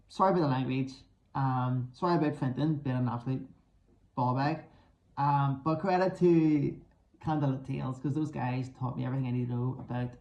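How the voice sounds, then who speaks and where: A man with a Northern Irish accent reading his own comic novel aloud, cheeky and sweary with deadpan asides. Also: mid-range voice, rough recording. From Northern Ireland. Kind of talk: humorous story reading.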